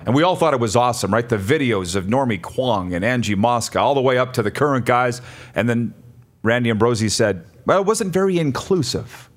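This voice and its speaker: A man hosts a sports radio talk show in a loose, chatty way, throwing out rhetorical questions. His voice sits at a middling pitch and he talks straight into a studio mic. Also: brisk. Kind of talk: casual sports radio chat.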